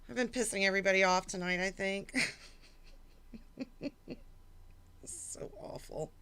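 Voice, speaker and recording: A woman's voice: medium pitch, unhurried, a bit bright, clear, resonant tone. Flustered, swearing middle-aged woman streamer. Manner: flustered, swearing, laughing through setbacks. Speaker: livestream host. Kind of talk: casual livestream chat.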